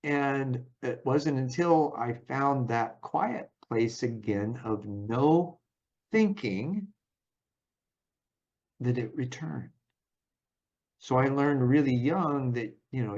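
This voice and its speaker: A man hosting a conversation and telling his own story in a thoughtful, unhurried way, often pausing to search for words. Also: medium pitch, animated, darkish tone, highs cut off. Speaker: podcast host. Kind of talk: reflective personal storytelling.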